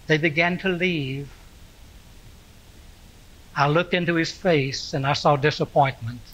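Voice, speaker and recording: A man with a rather high, bright voice speaks unhurriedly, recalling events as a preacher playing Simon Peter the fisherman. The telling is reflective and earnest, in the manner of a sermon monologue. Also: low-quality recording. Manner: slow, reflective storytelling. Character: Simon Peter, aging fisherman-apostle recalling his past. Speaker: pastor. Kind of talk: first-person character monologue as Simon Peter.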